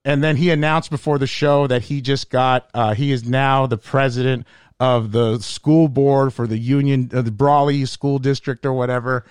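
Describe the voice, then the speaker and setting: Profane, animated male comedian storyteller. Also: medium pitch, normal speed, clean tone, no room sound, clean studio sound. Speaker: stand-up comedian. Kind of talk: casual podcast chat, storytelling.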